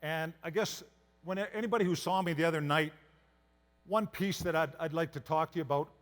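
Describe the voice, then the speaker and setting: Speaking a bit quickly, this slightly high-voiced Canadian man delivers a motivational talk with a homespun, anecdotal flair. His words echo with the long tail of a large hall's reverb.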